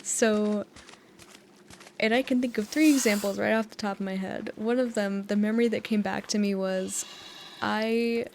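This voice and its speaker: Brief: chatty young American woman, mid-pitched, rambling gamer talk to fall asleep to, close mic, faint hiss. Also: fairly even intonation, normal speed, creaky, darkish tone. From United States. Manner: chatty, giggly, meandering storytelling. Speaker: gaming YouTuber. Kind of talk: rambling sleep-time gameplay chat. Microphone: USB dynamic mic close up.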